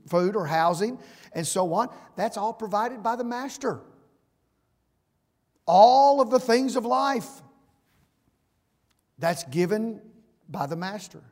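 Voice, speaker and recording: A high-pitched man with a drawl preaches from the pulpit, pressing hard on some words and dropping to near-quiet on others. His voice rings with a long hall reverb, as in a church sanctuary. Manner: emphatic preaching with swings from loud to hushed. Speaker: pastor. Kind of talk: sermon.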